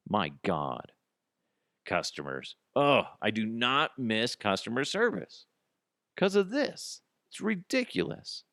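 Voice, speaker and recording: A man hosts a solo comedy podcast, ranting with lots of profanity. His pitch swings widely as he riffs, and the sound is dry and close, with no room around it. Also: takes it slowly, gravelly, no room sound. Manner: animated, profane, acts out both sides of a dialogue. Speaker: podcast host.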